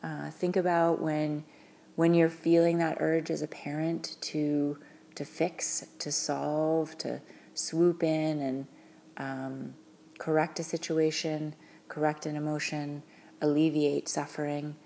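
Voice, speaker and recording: A woman with a low, mellow voice talks gently and earnestly to parents about their teenagers. She pauses on fillers, restarts her phrases and has a gravelly edge to her speech. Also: level tone, slight background noise. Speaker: parenting advisor. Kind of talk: advice talk to parents.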